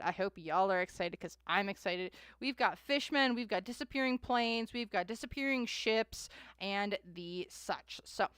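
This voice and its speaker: A woman's voice: mid-range voice, fairly bright tone, smooth, no echo, clean studio sound. A young adult woman hosting a live tarot stream, chatting with viewers in a rambling way and often laughing and sighing between thoughts.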